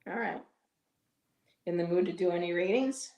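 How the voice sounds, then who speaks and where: A woman's voice: lowish voice, normal speed, a little mellow. Woman, Buffalo accent, western New York, chatty storyteller, roomy echo. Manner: chatty storyteller, voices others in anecdotes. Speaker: stream co-host. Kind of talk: casual live-stream chat.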